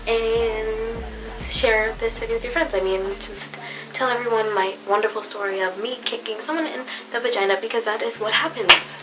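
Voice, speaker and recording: A woman's voice: a little high, poor audio. Profane young woman telling a story. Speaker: vlogger. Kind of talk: casual storytime vlog. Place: dim room.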